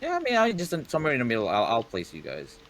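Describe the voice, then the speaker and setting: A man's voice: medium pitch, wildly swooping pitch, fast talker, fairly bright tone, slight background noise. A man running a tabletop game online as game master, rambling with plenty of fillers.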